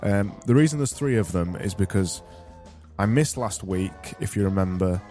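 A low, dark-toned man with a Barnsley accent hosts a solo podcast in a rambling, sarcastic and self-mocking way. Faint music plays behind him. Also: expressive, moderate pace. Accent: Barnsley, Yorkshire. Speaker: podcast host. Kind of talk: solo podcast with quiz segments.

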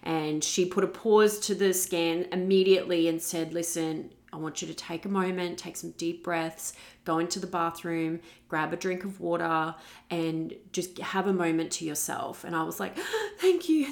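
Podcast host, young woman, low gravelly voice, candid emotional storytelling. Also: level tone, moderate pace. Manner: candid, emotional, acts out her own past words. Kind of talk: personal storytelling.

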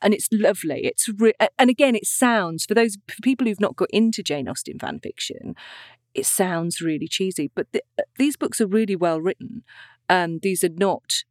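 A woman's voice: mid-range voice, lively intonation, moderate pace, no echo. Woman narrator chatting, laughs a lot, restarts, dry close sound. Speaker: audiobook narrator. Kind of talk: casual chat.

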